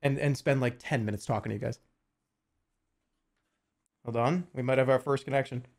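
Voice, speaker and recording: A man's voice: medium pitch, steady tone, normal speed, vocal fry. A man in his forties streaming casually, joking and swearing as he chats to viewers while putting a puzzle together. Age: 40s. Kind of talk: casual livestream chat.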